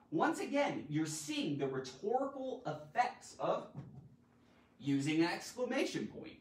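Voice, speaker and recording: A man hosting a playful live-streamed grammar lesson, theatrical and full of sudden loud exclamations. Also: high-pitched, wildly swooping pitch, unhurried. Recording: roomy echo, mic at a distance.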